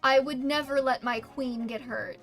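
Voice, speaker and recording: A woman's voice: high-pitched, steady tone, moderate pace, soft background music. A young woman streamer giving casual, crude and sarcastic gameplay commentary.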